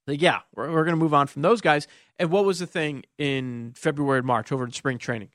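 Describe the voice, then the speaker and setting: A male sports radio host with a slightly higher voice, opinionated and wry as he breaks down the games and takes calls. His studio mic sounds dry and close, with no room echo. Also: animated, fairly bright tone. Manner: opinionated, wry, quick asides to callers. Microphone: studio microphone.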